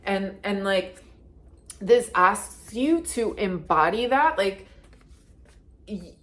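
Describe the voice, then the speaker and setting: A woman's voice: medium pitch, lively intonation, takes it slowly, a bit bright. A woman giving a casual, intuitive card reading, talking in a chatty, earnest way with lots of "like" and restarts. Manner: chatty and earnest, heavy use of "like". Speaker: card reader and deck creator.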